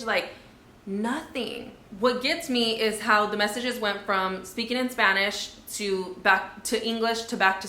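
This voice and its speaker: A woman's voice: medium pitch, sharp tone, echoey room. Indignant young woman telling a story. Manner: indignant, conversational, many fillers. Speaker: vlogger. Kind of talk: storytime vlog.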